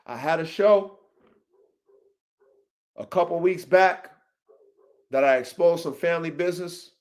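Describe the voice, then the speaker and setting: A man hosting a show about his dogs, ranting profanely to viewers, swinging from low mutters to heated shouting, with repeats and restarts. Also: a little slow. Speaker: podcast host and dog breeder. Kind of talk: rant to viewers.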